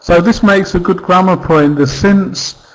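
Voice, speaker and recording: A male English teacher leads an online grammar class in a slightly high voice. He talks slowly and patiently, repeating example phrases and asking checking questions as he goes. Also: background noise.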